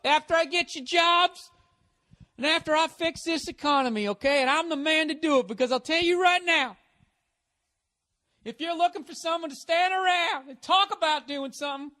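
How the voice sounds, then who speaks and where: A man putting on a blustering, boastful male presidential candidate who shouts his pitch at a rally. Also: moderate pace.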